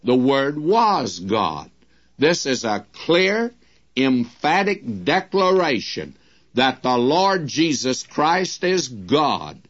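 A man teaching from the Bible in a slow, emphatic manner, addressing his listeners as friends, on a dull old lo-fi recording. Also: medium pitch, big pitch swings, a bit bright.

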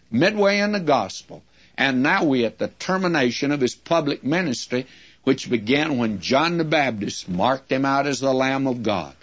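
A man gives a sermon-style Bible lesson in a measured, explaining way, calling his listeners friends. His voice sits at a middle pitch. The recording is dull and lo-fi. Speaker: Bible teacher.

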